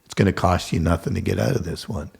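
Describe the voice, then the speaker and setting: A man's voice: sits low, fast, creaky, darkish tone, breathy edge. An older man, a guest telling stories casually and acting out the dialogue, swearing freely. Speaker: guest contractor. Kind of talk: casual storytelling.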